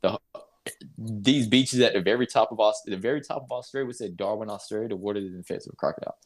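A young man from North Carolina, a basketball player, telling a story as an interview guest in a casual, animated way, laughing and acting out the people in it. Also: on the low side, fast talker. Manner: animated, laughs while telling, acts out voices.

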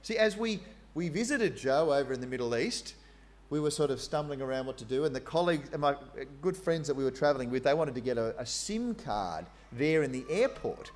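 A man preaching a sermon in an animated, conversational way, with fillers and asides. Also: fairly high pitch, brisk.

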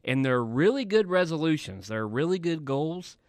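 A man's voice: a little high, big pitch swings, moderate pace, no echo. A man co-hosting a podcast in casual chat, joking and laughing often from a studio. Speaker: podcast co-host.

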